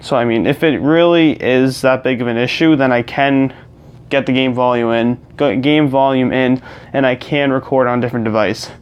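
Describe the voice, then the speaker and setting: A man's voice: mid-range voice, steady tone, moderate pace, clear, resonant tone, muffled recording. A young man chatting casually as a gaming vlogger, rambling with many fillers and restarts, recorded on a clip-on lapel mic plugged into his phone. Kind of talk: casual chat to camera while gaming.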